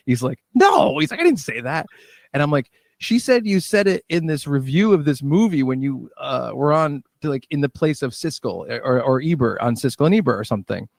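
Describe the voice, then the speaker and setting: Guy musician telling a story, does everyone's lines, middle pitch, dry sound. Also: fairly quick, vocal fry, dry recording. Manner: animated storyteller, acts out quoted dialogue. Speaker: musician and director, guest. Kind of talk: casual storytelling interview.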